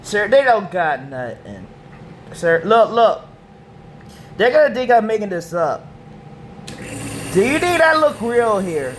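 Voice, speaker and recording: A man rants in a loose, slangy, repetitive way, his voice high and leaping up and down. He says his vocal cords are damaged, and he takes his time over each phrase. A faint hum of background noise runs under the recording. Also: sing-song, slow, long pauses. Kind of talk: casual rant to camera.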